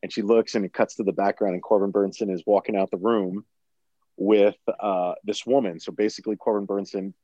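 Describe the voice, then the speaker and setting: A man's voice: on the low side, level tone, a little fast, dark tone, no room sound, muffled recording. A man in a casual podcast chat, animatedly retelling a movie, acting out quotes and laughing often.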